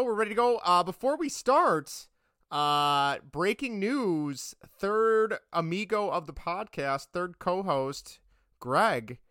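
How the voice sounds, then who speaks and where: Bright, clear-voiced chatty podcast host. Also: male voice, sits high, dry recording, studio quality. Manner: chatty, rambling, quick to laugh. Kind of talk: casual sports podcast chat.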